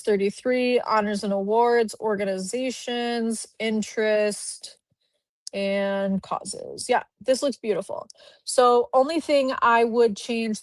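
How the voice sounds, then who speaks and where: Upbeat chatty woman recruiter thinking out loud on a live stream, dry close sound. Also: mid-range voice, dry recording. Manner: chatty, upbeat, thinks aloud while clicking through profiles. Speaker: tech recruiter hosting a live profile review. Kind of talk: casual live-stream chat. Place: home office with a dog nearby.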